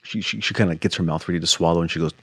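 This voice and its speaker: Male podcast co-host, low voice, animated storyteller, dry studio sound. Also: very fast, breathy edge, no room sound. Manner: animated storyteller, acts out quoted dialogue. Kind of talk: casual conversation.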